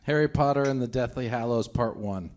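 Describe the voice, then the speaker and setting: A man's voice: mid-range voice, a little fast, a little mellow. A man guesting on a live comedy podcast, wry and teasing.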